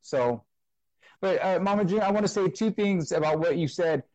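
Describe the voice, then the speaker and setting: A man's voice: high voice, normal speed, darkish tone, no echo, highs cut off. A man, a guest minister in an interview, earnestly telling his personal testimony and retelling others' words at length. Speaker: guest, full-time minister.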